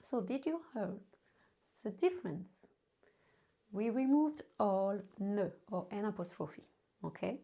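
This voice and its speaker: French-accented woman, native French teacher, slow deliberate delivery, mellow tone. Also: medium pitch, animated, vocal fry. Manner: slow, careful teaching with repeated example sentences. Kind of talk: language lesson.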